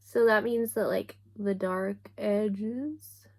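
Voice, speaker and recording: A woman's voice: mid-range voice, steady tone, slow pace, gravelly, a little mellow. A young woman chatting casually on camera while doing her makeup, with a self-mocking, chatty manner and little asides. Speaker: book vlogger.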